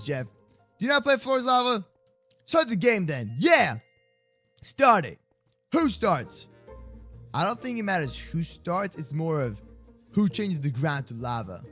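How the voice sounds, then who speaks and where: Young guy doing minecraft roleplay, high voice bouncing all over, hyper and yelly, jokes nonstop. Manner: hyper, jokey, often yelling. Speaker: gaming YouTuber. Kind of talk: goofy Minecraft role-play commentary. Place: home bedroom.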